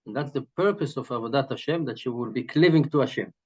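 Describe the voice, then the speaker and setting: A man's voice: medium pitch, quick pace, breathy edge. Man explaining a Hasidic text, dull sound. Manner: checks in with "right?", explains Hebrew terms in English. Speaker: Torah teacher. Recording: dull lo-fi recording.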